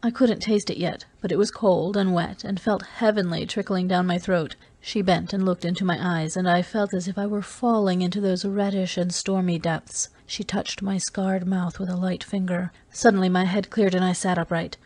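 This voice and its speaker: A woman reading a novel aloud in first person, steady and even. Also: fairly low pitch, moderate pace, few pauses. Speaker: audiobook reader.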